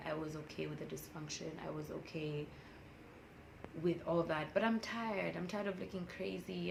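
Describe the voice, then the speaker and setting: A woman's voice: fairly low pitch, creaky, a bit bright, a little hiss or hum, poor audio. A woman in her twenties speaking candidly and emotionally in a personal motivational vlog, laughing often. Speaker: vlogger.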